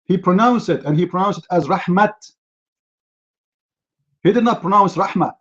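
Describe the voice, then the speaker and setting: A man hosts a heated live online debate, his voice sitting a little high. He lectures and mocks his opponent combatively. The audio comes through dull and lo-fi. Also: normal speed, a bit bright. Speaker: debate host.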